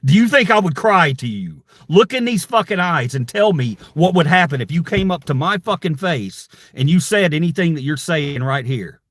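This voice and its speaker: A man's voice: fairly high pitch, animated, normal speed, few pauses, fairly bright tone, dry recording, studio quality. A man hosting his own channel, ranting angrily at online critics in a heated, profane, confrontational way. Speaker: channel host. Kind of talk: angry livestream rant.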